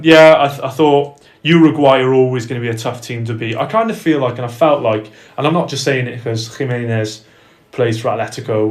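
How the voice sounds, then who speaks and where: Chatty man in a roomy room. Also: medium pitch. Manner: chatty, self-correcting, laughs easily. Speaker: podcast co-host. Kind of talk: casual football chat. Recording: roomy echo.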